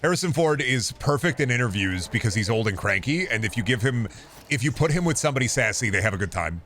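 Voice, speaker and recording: A man's voice: medium pitch, expressive, quick pace, fairly bright tone, a little hiss or hum. A man streaming a game, chatting casually and opinionatedly about movies, swearing often. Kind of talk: casual chat while gaming.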